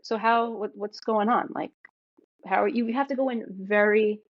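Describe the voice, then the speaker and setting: A woman with a New York accent, a filmmaker talking as a podcast guest, emphatic and animated, often checking in with "right?". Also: medium pitch, normal speed, no echo, dull audio. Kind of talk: casual podcast conversation.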